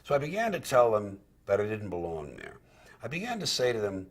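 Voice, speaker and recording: A man's voice: fairly low pitch, wildly swooping pitch, fairly quick. A comedian recalling his career in candid, profane storytelling, acting out what he once said. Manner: candid and profane, acts out quoted dialogue. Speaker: stand-up comedian.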